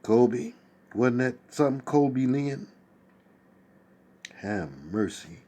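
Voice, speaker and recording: With a warm, mid-range voice and an unhurried pace, a man hosts a laid-back stream at his desk at home. He reads viewers' comments aloud, exclaiming and making chatty side remarks.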